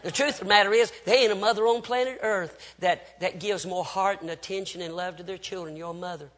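An older man, preaching a sermon and telling family stories, swinging from shouts to hushed tones. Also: high voice, fairly even intonation, fairly quick. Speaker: pastor.

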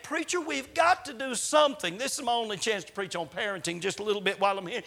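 A man preaching a sermon as a visiting preacher, swinging between loud appeals and hushed asides. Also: high-pitched, quick pace, vocal fry, hardly any pauses. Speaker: traveling preacher.

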